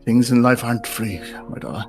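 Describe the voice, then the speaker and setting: Casting: a game master doing a silky, menacing devil lord making deals in a tabletop game. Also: male voice, mid-range voice, fairly even intonation, brisk, a little mellow, soft background music, lightly acted. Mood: scheming. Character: smug, bargaining male devil god.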